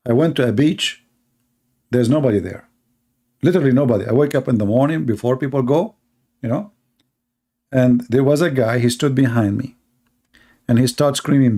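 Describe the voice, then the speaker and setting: A man's voice: mid-range voice, moderate pace, long pauses, warm tone, husky. A man giving a mocking commentary on religion, telling sarcastic stories and mimicking other people's voices.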